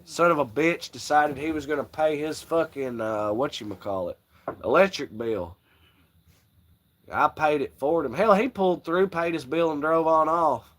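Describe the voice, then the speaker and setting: A man's voice: a little high, moderate pace, a bit bright. A man hosting a livestream, telling crude, rambling stories in casual chat with frequent laughs. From Southern United States. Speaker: livestream host.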